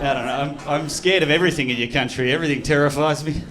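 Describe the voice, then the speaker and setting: A man with an Australian accent doing live stand-up comedy, animated and jumping into loud put-on voices. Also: fairly high pitch, fast, very noisy. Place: comedy club stage. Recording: live club mic, loud crowd laughter. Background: audience laughing.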